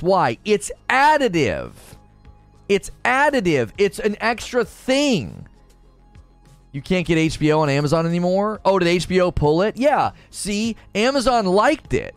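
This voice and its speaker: A man arguing heatedly in a casual talk show, with a fairly high, very lively voice that rises and falls as he presses his case. He repeats himself for emphasis, and faint music plays underneath. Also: measured pace, dry recording. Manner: argumentative, emphatic, repeats points.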